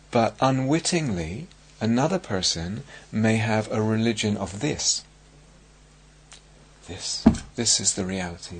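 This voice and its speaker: A man giving a dharma talk as a meditation teacher on a retreat. He speaks slowly and searchingly, with many pauses and restarts. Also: on the low side, animated, husky.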